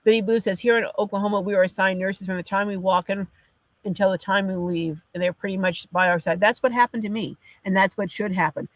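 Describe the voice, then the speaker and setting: A woman hosts a casual livestream, reading viewer comments in a chatty, apologetic way with a runny nose and frequent restarts. Her mid-range voice is brisk with fairly even intonation, and there is no room sound.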